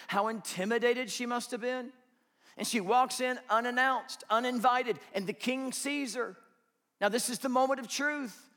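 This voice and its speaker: A man preaching a sermon in church, dramatic, swinging from hushed to loud and acting out quotes. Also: high-pitched, long reverb tail. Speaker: pastor.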